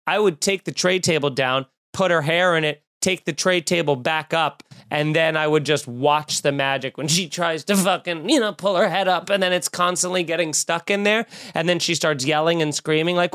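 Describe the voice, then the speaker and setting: Exasperated podcast host ranting, dry sound. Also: male voice, fairly high pitch, moderate pace, hardly any pauses, clear, resonant tone, dry recording. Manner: animated, exasperated ranting with frequent cursing. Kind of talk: casual comedic podcast rant. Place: room at home with windows open.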